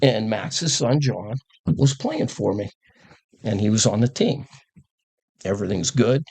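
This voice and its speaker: An older man with a husky, slightly breathy voice recounts old coaching stories in a relaxed podcast conversation. He talks casually and acts out the lines of the people in his stories, laughing as he goes. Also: lowish voice, unhurried. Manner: animated storyteller who acts out quotes and laughs. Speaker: guest, former coach.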